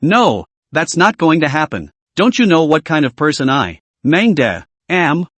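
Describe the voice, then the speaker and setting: A man's voice: fairly high pitch, big pitch swings, a little slow, fairly bright tone, dry recording, full character voice. A man doing a cocky young hero. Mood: mocking. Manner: mocking, confident.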